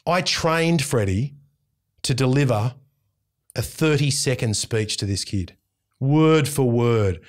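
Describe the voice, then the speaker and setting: A middle-aged man with an Australian accent tells a story in casual talk, intense and lively. He slips into quoted dialogue as he goes, his voice sitting at an ordinary mid pitch. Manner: animated, intense, acts out dialogue. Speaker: radio host, interview guest.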